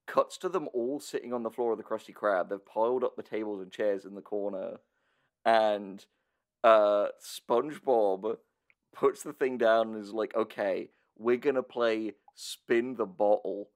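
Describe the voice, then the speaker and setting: A man co-hosting a podcast, telling a cartoon episode as a comedic recap and laughing often. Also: lowish voice. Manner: unhurried storytelling, laughs often. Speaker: podcast co-host.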